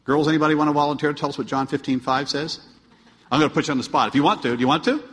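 A man preaching a sermon to his congregation, asking them questions and swinging between emphatic, pleading peaks and quiet asides. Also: a little high, racing. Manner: asks the congregation rhetorical questions. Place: church. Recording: long hall reverb.

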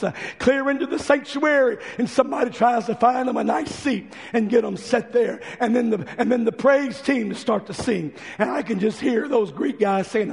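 A male pastor preaching an impassioned sermon with a hoarse voice that is giving out, acting out the visitors' voices as he tells the story. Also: very high voice, moderate pace, in a large hall.

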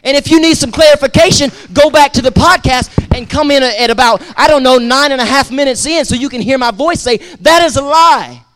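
A man's voice: very high-pitched, fairly quick, hardly any pauses, fairly bright tone. A man preaching a sermon as pastor, emphatic and repetitive, with call-and-response to his congregation and casual asides. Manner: repeats words for emphasis, conversational asides.

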